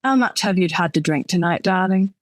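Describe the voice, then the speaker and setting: A woman doing a calm, doting British man on the phone. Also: sits high, fairly quick, no room sound. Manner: calm, endearing, asks gentle questions.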